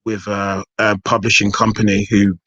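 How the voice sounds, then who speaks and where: A man in a relaxed podcast chat, rambling and restarting often as he talks about his music. His voice sits a little low and sounds dry and close, with no room echo. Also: normal speed, dull audio. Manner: rambling, many restarts and fillers. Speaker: hip hop artist. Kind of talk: casual podcast interview.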